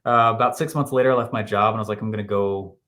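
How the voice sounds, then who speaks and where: A man telling an animated story as an interview guest, laughing often and acting out what people said. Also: on the low side, racing. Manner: animated, laughing, acts out quotes. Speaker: guest, marketing entrepreneur.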